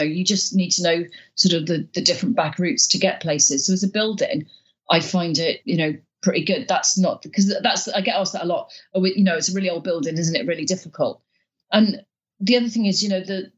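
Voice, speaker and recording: Woman guest, lowish pitch, lively storyteller who trips over her words, muffled recording. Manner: chatty, many restarts, animated storytelling. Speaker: guest peer. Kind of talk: conversational interview.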